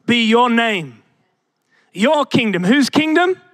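A young man preaches to his congregation, his voice sitting high for a man. He takes his time, leaning on rhetorical questions and calling the church to answer back. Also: expressive, slow pace, fairly bright tone, dry recording, studio quality. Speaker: pastor. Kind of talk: sermon.

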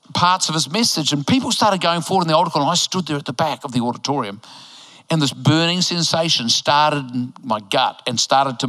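In a church auditorium, a New Zealand pastor, an older man with a bright, high voice, gives a sermon. He is emphatic and lively and slips in playful jokes, and the hall's long reverb carries his voice.

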